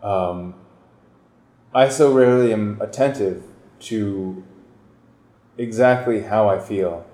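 A man's voice: lowish voice, slow pace, pauses often, mellow, reverberant. A man hosting a reflective casual discussion, searching for his words as he talks thoughtfully.

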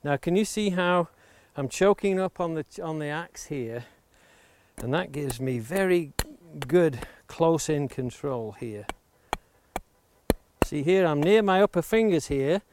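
A man with a fairly high voice gives a hands-on axe-carving lesson outdoors. He explains steadily and patiently, keeps coming back to safety, and axe chops click through the noisy recording. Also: animated, unhurried, darkish tone. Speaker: woodworking instructor. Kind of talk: hands-on demonstration. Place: outdoors near the coast. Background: axe chopping clicks.

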